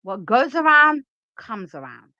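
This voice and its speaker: A woman talks straight to her viewers in casual livestream commentary, opinionated and emphatic as she reacts and reads out the chat. Her voice is bright and forward, and the recording is dry and close with no room sound. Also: a little high, sing-song, measured pace, no room sound, dull audio. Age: adult.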